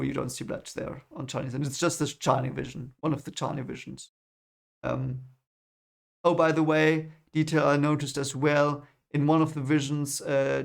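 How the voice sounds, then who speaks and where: Rambling man with a gravelly voice. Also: mid-range voice. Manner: rambling, frequently corrects himself and apologizes. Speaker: film reviewer vlogger. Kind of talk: casual spoken film recap.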